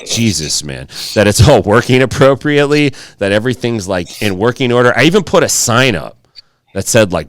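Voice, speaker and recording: A podcast co-host with a medium-pitched voice tells a story at a normal speed in casual chat. His pitch swings widely as he acts out the quotes, and he swears freely.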